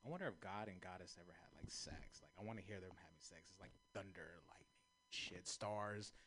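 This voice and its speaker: A man's voice: low voice, wildly swooping pitch, fairly quick, fairly bright tone, a little hiss or hum. A young man doing a stand-up set, telling loose, profane, rambling stories and laughing at his own jokes. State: high. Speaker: stand-up comedian.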